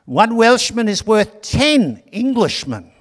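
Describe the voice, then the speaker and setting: This is a man putting on a proud hidden Welsh fighter in a told story. He bellows slow, raised boasts. The sound rings with a long church reverb. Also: sits high, sing-song, voice pushed up, full character voice. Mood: boastful. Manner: loud, slow, proclaiming.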